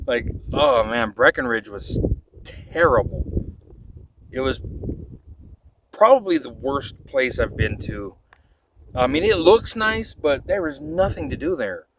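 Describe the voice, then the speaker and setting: A man's voice: mid-range voice, recorded from a distance, noisy background. Profane young man ranting from afar. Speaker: vlogger. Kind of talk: casual storytelling.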